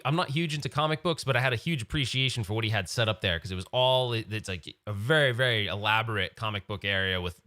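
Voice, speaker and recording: A man's voice: medium pitch, pushed and bright, no room sound, clean studio sound. A man hosting a live-stream podcast in casual chat, rambling and getting sidetracked. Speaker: podcast host.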